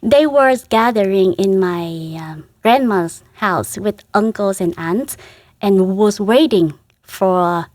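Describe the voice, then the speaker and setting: A woman from Vietnam, a Catholic sister, speaking in a halting, earnest way and laughing softly between phrases as an interview guest. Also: mid-range voice, no room sound. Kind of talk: casual interview.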